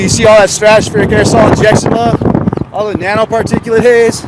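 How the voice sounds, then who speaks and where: A man talks casually while driving, sarcastic and rambling, tossing questions out to his live chat. His voice sits high for a man. Road and wind noise run loudly under everything. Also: level tone, a little fast. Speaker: live-stream host. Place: in a car on the road. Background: car and wind noise.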